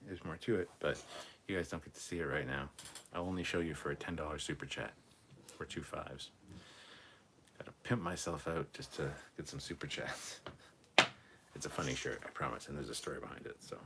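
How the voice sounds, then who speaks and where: Very deep-voiced man reading live chat. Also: brisk, creaky, background noise. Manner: swearing, rambling, reads viewer comments aloud. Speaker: livestream co-host reading chat. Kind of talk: casual livestream chat.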